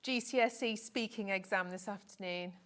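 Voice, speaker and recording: A middle-aged woman, chatty and quick to laugh, demonstrating a sewing technique. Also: mid-range voice. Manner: chatty, warm-hearted, laughs easily. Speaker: guest crafter demonstrating sewing. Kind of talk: casual live shopping demo chat.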